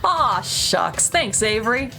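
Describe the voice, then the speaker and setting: A woman's voice: a little high, very animated, takes it slowly, pushed and bright, soft background music, full character voice. A woman voicing a friendly, teasing small-town young woman with a Southern US country accent, reading game lines aloud in a chatty way. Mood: pleased.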